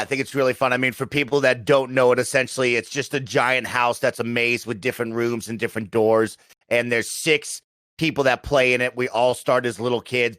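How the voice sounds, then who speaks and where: A man's voice: medium pitch, a bit bright, no echo. Upbeat man hosting a gaming podcast. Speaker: podcast host. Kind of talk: casual gaming podcast chat.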